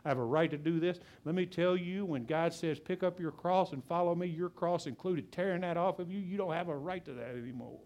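A man preaching a sermon as pastor, talking loud and fast and passionately, then dropping to a low, quiet voice. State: out of breath.

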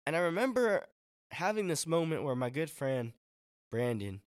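A man preaching a sermon to young people in a relaxed, conversational way, with casual slang and acted-out quotes. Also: fairly high pitch, moderate pace, smooth, no echo, clean studio sound. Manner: acts out quoted friends in voices.

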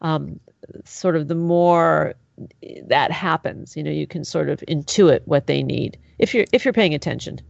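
A woman's voice: sits low, unhurried, creaky, dry recording. A woman hosting a talk show, chatting with enthusiasm. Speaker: host. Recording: dry, dull lo-fi sound.

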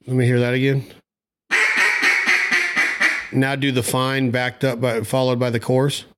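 A man's voice: mid-range voice, level tone, a little slow, heavy background noise. A man hosting a casual chat, eagerly prompting his guest with short requests. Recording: loud duck calls behind.

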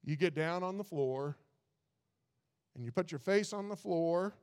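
A man's voice: on the high side, unhurried, pauses often, a little mellow, clear, resonant tone, big-room sound. A man preaching a sermon in a folksy way, often stumbling over and repeating his words. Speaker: pastor.

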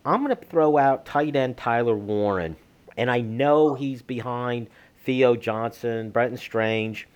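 A man with a voice of middling pitch hosts a sports talk show. He chats casually, thinks aloud and hedges his picks. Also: takes it slowly, smooth.

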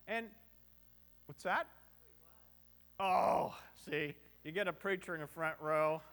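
A man's voice: fairly high pitch, slow pace, fairly bright tone. A middle-aged man preaching a sermon in a conversational, joking way, full of rhetorical questions and short on sleep. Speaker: pastor.

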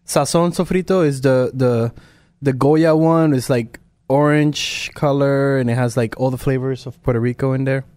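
A young man co-hosting a morning radio show, joking around in a brash, quick way. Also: medium pitch, steady tone, darkish tone, no room sound. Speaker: radio co-host. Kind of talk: casual morning show banter.

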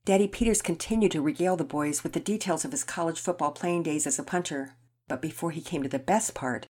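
A woman narrating a children's story in an expressive reading voice. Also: deep voice, fast, husky.

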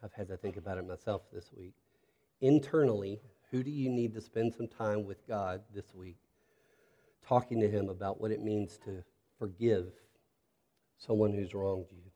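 In a lowish voice at normal speed, a pastor preaches earnestly and reflectively. His tone becomes soft and intimate when he speaks straight to his listeners.

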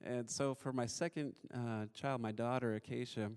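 A man's voice: mid-range voice, fairly even intonation, normal speed, darkish tone, clean tone. A man in his thirties telling a personal story to an audience, conversational and self-deprecating, with many fillers.

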